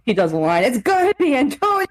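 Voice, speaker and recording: High-voiced, lively, giggly woman. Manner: giggly, profane, playful. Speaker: podcast co-host. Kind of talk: casual comedic podcast chat.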